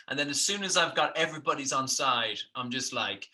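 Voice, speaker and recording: A podcast co-host talks in a loose, rambling way, spinning silly tangents into comic bits. His voice is very bright and forward in tone. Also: mid-range voice, brisk, hardly any pauses. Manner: rambling, jokey, riffing on absurd bits. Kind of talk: casual comedic chat.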